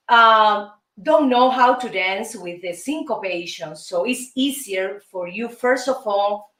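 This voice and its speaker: A woman's voice: a little high, a bit bright. A woman from Cuba with a Cuban Spanish accent, hosting and teaching salsa steps, counting beats aloud in an upbeat, coaxing way. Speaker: host and dance teacher. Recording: roomy sound from a distant mic with music playing.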